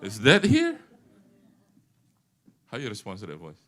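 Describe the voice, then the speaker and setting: Bright-voiced pastor. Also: male voice, fairly low pitch, measured pace, some chatter behind. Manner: animated, teasing the congregation, mixing English with Indonesian. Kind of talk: sermon. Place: church.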